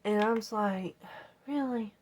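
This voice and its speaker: A woman's voice: on the low side, moderate pace, slight background noise. Exasperated woman rambling through a story. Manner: rambling, exasperated retelling with quoted self-talk. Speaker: vlogger. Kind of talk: casual storytelling while gaming.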